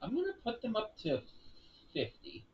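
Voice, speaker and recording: Streamer commentating their own racing run, animated and playful, on a muffled home mic. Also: medium pitch, moderate pace, far from the mic, a little hiss or hum. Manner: chatty, narrates each move, silly asides. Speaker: game streamer. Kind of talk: casual live-stream commentary on own gameplay.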